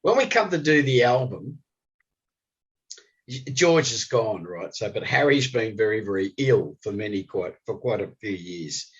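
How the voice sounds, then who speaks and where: An older man, a guest musician telling animated stories in an interview. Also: lowish voice, measured pace, breathy edge. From Australia. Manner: animated storyteller, voice jumps up when excited. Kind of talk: storytelling interview. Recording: slightly dull lo-fi recording.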